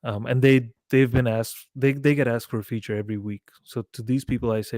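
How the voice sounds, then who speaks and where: A man chatting as a podcast guest, telling a story with animated quoted dialogue and frequent swearing. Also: medium pitch, brisk, hardly any pauses, dry recording, clean studio sound. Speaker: guest musician. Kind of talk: casual podcast chat.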